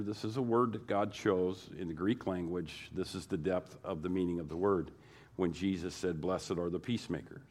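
A man preaching a sermon to his congregation, repeating phrases and building emphasis as he goes. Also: low voice. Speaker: pastor.

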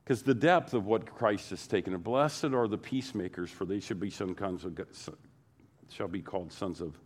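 A man's voice: lowish voice, normal speed. A man preaching a sermon to his congregation, repeating phrases and building emphasis as he goes. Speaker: pastor.

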